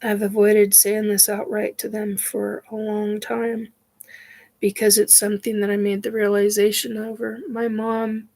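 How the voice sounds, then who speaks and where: A woman hosting a casual spiritual chat, talking in a halting way with many fillers and sighs, her nose stuffed up from crying. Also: mid-range voice, completely flat delivery, vocal fry, dark tone. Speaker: host.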